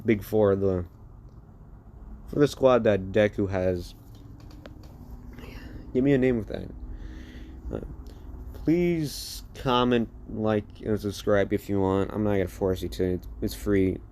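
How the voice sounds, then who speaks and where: Man, improvised fan-story narration, rambling, frequent restarts, mellow dark voice. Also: fairly low pitch. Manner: rambling, many restarts and repeats.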